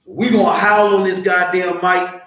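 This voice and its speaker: A man teaching a scripture class, loud and profane, fired-up like a street preacher. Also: sits high, level tone, moderate pace. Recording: very echoey room.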